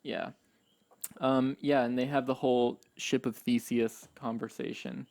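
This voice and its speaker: Gravelly man joking in casual chat. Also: mid-range voice, flat delivery, measured pace, a little mellow. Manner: jokey, sarcastic. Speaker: podcast co-host.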